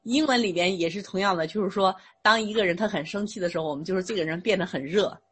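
A woman interpreting a sermon phrase by phrase, steady and rephrasing with small fillers. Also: medium pitch, quick pace, breathy edge.

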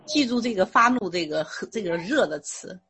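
A woman interpreting a sermon phrase by phrase, steady and rephrasing with small fillers. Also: mid-range voice, moderate pace, a little hiss or hum.

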